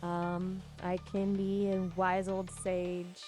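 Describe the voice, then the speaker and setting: A woman's voice: lowish voice, completely flat delivery, warm tone, faint music behind. An AI chatbot speaking in a woman's voice, chatting playfully and quipping with a streamer. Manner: chirpy, playful, quick with quips. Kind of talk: casual chat.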